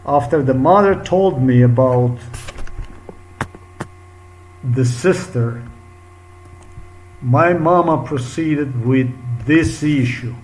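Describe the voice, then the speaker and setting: A man's voice: medium pitch, slow, pauses often, slight background noise, low-quality recording. A man, an English speaker, talking upset and profane in a rambling vlog monologue. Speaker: vlogger. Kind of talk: agitated monologue.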